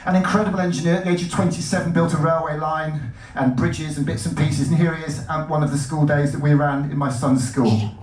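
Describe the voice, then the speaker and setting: Animated man talking in a roomy hall. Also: a little high, fairly quick. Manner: animated, jumpy, self-interrupting. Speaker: speaker giving a talk. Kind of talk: enthusiastic stage talk. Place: lecture hall. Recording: roomy hall, mic at a distance.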